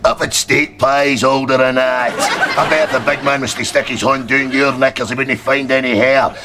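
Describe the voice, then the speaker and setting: A man's voice: medium pitch, level tone, moderate pace, close to an everyday voice. An actor with a Scottish accent playing a brash, swaggering tough who calls himself the big man, firing off crude insults in a sketch comedy. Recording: crowd and noise behind, laughter.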